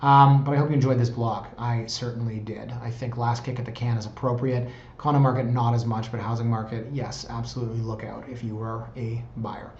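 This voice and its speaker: A man's voice: mid-range voice, little pitch movement, fairly quick, a little mellow, slight background noise. A man in his thirties, a real estate agent chatting enthusiastically about house listings in a casual vlog. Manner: chatty and enthusiastic, tags lines with "right?". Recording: roomy, slightly dull recording.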